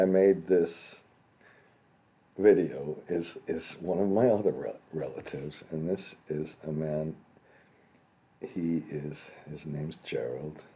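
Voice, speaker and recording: A man giving an informal finance lecture, halting and often repeating words as he restarts his sentences. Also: very deep voice, warm tone, slightly rough.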